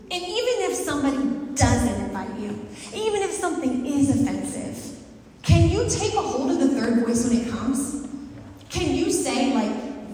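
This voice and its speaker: A woman pastor giving a sermon in a conversational, lively way, laughing and acting out little asides. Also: high-pitched, normal speed, a little hiss or hum. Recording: very echoey hall, mic far off, faint ambience.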